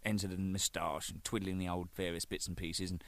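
An older man, a band's drummer, telling rambling, profane stories, laughing and acting out the shouting in them. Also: sits low, little pitch movement, brisk, no room sound. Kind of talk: casual anecdotal storytelling.

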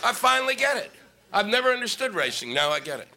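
A man's voice: high voice, very animated, fast talker, noisy background. A middle-aged male stand-up comic on stage, ranting in a sarcastic, profane way. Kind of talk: stand-up comedy set. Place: comedy stage before a live audience.

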